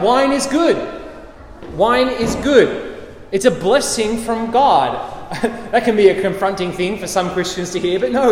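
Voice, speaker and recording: A man's voice: high voice, a little hiss or hum. A man preaching a sermon, emphatic and repetitive, with light chuckles. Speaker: pastor. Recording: echoey hall with faint ambience.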